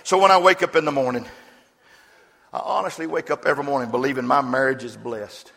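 Guy preaching in a big echoey church, bright pushy voice, crowd murmuring faintly, shouts it out. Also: medium pitch, brisk, vocal fry. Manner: rousing call-and-response preaching, rising to shouts. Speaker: pastor. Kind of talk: sermon. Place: church sanctuary. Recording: reverberant church hall with congregation.

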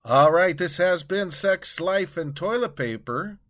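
A man narrates a comedy podcast story with a fairly high, bright voice. He takes his time over each sentence and lays out the scene in a deliberate way. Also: animated.

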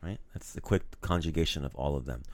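A man hosting a casual language lesson, animated and playful, teasing his co-host and praising each repeat. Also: a bass voice, brisk, no room sound.

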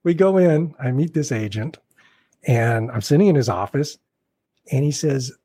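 Husky guy telling his story, doing little voices for everyone he quotes, casual interview. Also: medium pitch, normal speed, dry recording. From Portland, Oregon. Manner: animated anecdotes, acts out quoted voices. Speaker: actor, guest.

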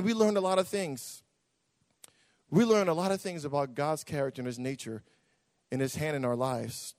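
A man with a high voice preaches his testimony with fervent, repetitive intensity. He sinks to near-whispers, then climbs to shouts. His words ring out with the long echo of a large hall. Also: a little fast. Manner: impassioned, repetitive, swings from hushed to shouting. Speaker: pastor. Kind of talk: sermon testimony.

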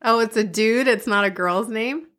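A woman's voice: fairly high pitch, normal speed, a bit bright. A woman co-hosting a podcast in casual chat, giggling and teasing her co-host.

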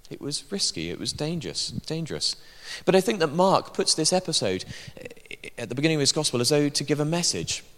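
A man's voice: a little high, sing-song, fairly quick, a bit bright. A man preaching a sermon in a church, emphatic, with dry asides. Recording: long hall reverb.

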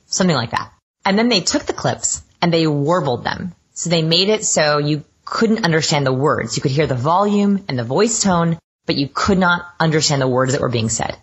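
A woman appears as a guest expert on a podcast interview, explaining research with eager enthusiasm and calling herself a science geek. Her voice sits low and sounds husky.

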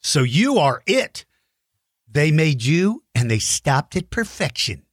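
A woman's voice: sits low, very animated, slow pace, dry recording, clean studio sound. A woman hosting a playful chat with a child over a video call, joking and teasing with silly sound effects. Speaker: host.

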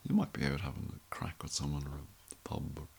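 A man's voice: a bass voice, level tone, a little fast, gravelly, darkish tone, slightly rough. A middle-aged Irish man telling a rambling, wry story in a casual monologue. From Ireland. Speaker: vlogger.

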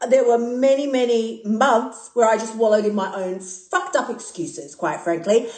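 An Australian woman hosting a casual live podcast as an emotional eating coach, blunt and animated, swearing freely and laughing at herself. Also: fairly high pitch, a little slow, roomy sound. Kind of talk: casual live-stream monologue. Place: recorded live on a phone stream. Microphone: phone mic.

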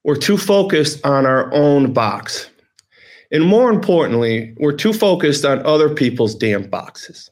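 A man's voice: fairly high pitch, lively intonation, measured pace. A middle-aged man hosting a vlog, telling a personal story with emotion, rambling and repeating phrases for emphasis. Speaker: host.

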